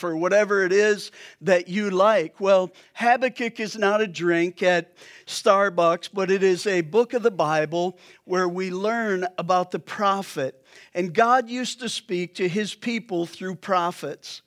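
A man's voice: high voice, measured pace, a bit bright. A male pastor preaching a sermon in a conversational way, with joking asides to the congregation.

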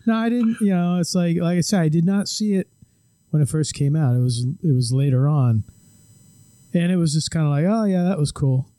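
A man co-hosting a podcast, chatting easily and in a relaxed way about films. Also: fairly high pitch, a little fast, no room sound. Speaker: podcast co-host. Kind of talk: casual chat about films.

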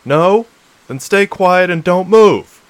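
Audiobook part: man reading a tough woman mech pilot with cybernetic legs who gives short, commanding orders. Low-set voice. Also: a bit bright, smooth, no echo, close to an everyday voice. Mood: forceful. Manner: brisk, commanding.

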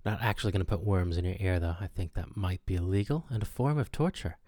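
A man hosting a comedic mock radio show with deadpan, pompous announcer patter. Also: low-pitched, fast, no room sound, studio quality. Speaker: host.

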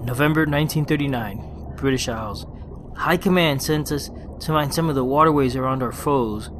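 A man's voice: mid-range voice, fairly bright tone, slight background noise. A man hosting a solo gaming podcast, chatting casually and then reading a war story aloud in his own plain voice. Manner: conversational, quick restarts, reads report plainly without accents. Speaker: podcast host. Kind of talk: casual podcast talk and read-aloud session report.

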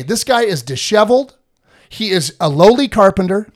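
A man hosting a casual podcast, talking in an animated, slangy way with lots of restarts. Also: high-pitched, moderate pace. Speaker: podcast host.

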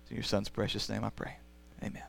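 A man's voice: fairly low pitch, completely flat delivery, fast, vocal fry, slightly rough, no echo. A man preaching a sermon as the pastor, earnest and rising to emphatic passages.

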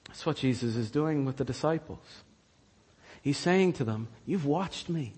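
A man preaching a sermon as pastor, telling stories slowly and earnestly and dropping to a hushed voice for quoted lines. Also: mid-range voice, slightly rough. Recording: long hall reverb.

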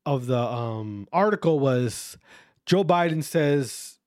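A man's voice: mid-range voice, expressive, takes it slowly, a little mellow, no echo, studio quality. A man hosting a podcast, ranting casually, swearing a lot and repeating himself. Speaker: podcast host. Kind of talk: casual profane podcast rant.

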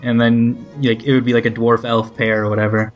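A man in an easygoing pre-game chat, explaining plans in loose, rambling sentences. He speaks at a middling pitch over a dull, lo-fi voice call. Faint music plays behind him. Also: little pitch movement, fairly quick. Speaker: game designer and game master.

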